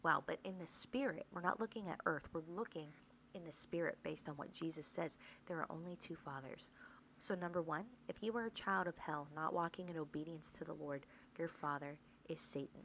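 A woman leads a podcast Bible study in a somewhat low voice. She teaches earnestly, posing rhetorical questions and checking in with her listeners. A faint noise sits under the recording. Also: brisk, a bit bright, rough recording. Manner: earnest, asks rhetorical questions, tag "right?".

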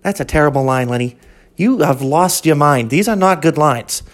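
A man's voice: animated, normal speed, close to an everyday voice. A man voicing a flustered animal-shelter ad announcer who keeps redoing his takes. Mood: irritated. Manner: cheery ad pitch breaking into irritated rants.

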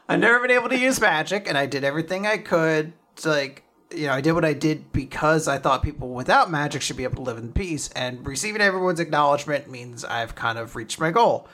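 A woman's voice: low-pitched, brisk. A woman co-hosting a casual chat, recapping a manga chapter and acting out the characters' lines with laughs. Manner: animated retelling, acting out quotes with laughs. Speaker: podcast co-host recapping manga.

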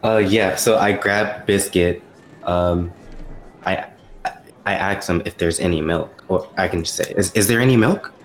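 A man's voice: deep voice, little pitch movement, measured pace, roomy sound. A man player in a tabletop game, speaking in a plain, matter-of-fact way. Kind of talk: tabletop role-play.

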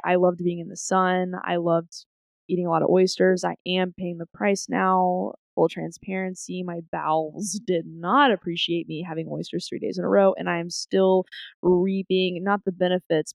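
A young woman co-hosting a podcast in casual chat, telling stories in an animated way and acting out her own thoughts. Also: lowish voice, normal speed, creaky, no echo. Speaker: podcast co-host.

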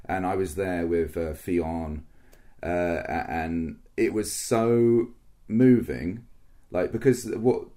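Deep mellow-voiced man, earnest and halting. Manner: halting, full of restarts, earnest. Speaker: podcast co-host. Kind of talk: casual chat about a live-action roleplay event.

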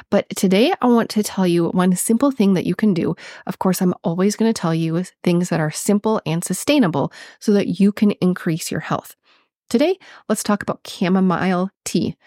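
A woman with a Minnesotan accent hosts a solo health podcast, chatty and earnest. Her voice sits a little low. It comes through a close, dry mic with no room sound. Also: darkish tone, no echo. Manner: chatty, earnest, laughs at herself. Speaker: podcast host.

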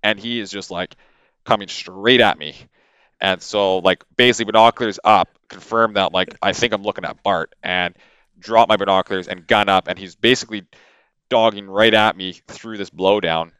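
A man from Canada, a podcast guest, telling a story in a casual, animated way with lots of fillers and repeated words, into a podcast microphone. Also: on the low side, moderate pace, clear, resonant tone, dry recording.

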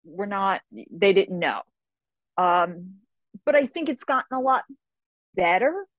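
A woman guest in a casual interview, telling stories in an animated way with laughs between phrases and quick voices for other people. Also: medium pitch, no echo, highs cut off. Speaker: guest, fantasy novelist and martial artist.

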